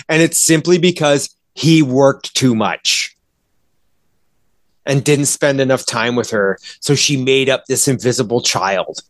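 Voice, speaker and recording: A man's voice: a little high, no room sound. Exasperated man ranting, dry close sound. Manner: exasperated, profane, acts out characters in quoted voices. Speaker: movie reviewer. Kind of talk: casual podcast rant.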